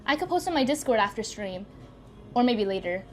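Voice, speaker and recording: A woman's voice: fairly high pitch, very animated, brisk, slight background noise. A young woman live-streaming from home in a casual, scatterbrained and giggly way. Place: at home by a walking pad.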